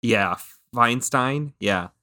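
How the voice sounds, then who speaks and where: Bright-voiced man co-hosting, easygoing. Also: medium pitch, lively intonation, extremely slow, no echo, studio quality. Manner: easygoing, laughs often. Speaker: podcast co-host. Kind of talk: casual chat.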